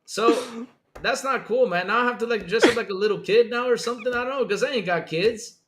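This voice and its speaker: A man's voice: extremely high pitch, brisk, heavy background noise. A man hosting a casual gaming podcast, joking around and calling everyone brother. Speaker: podcast host.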